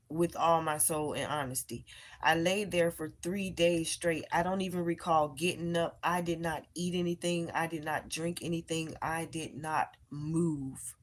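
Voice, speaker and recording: A woman with a low, deep voice talks to her live-stream viewers from home. She tells her story in an emphatic, animated way and calls her audience y'all. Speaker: live-streamer and tarot reader.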